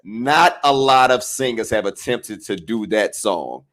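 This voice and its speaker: A man's voice: lowish voice, lively intonation, measured pace, fairly bright tone. A man from Washington, D.C. hosting a podcast interview, enthusiastic and slangy. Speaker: podcast host. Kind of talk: casual interview chat.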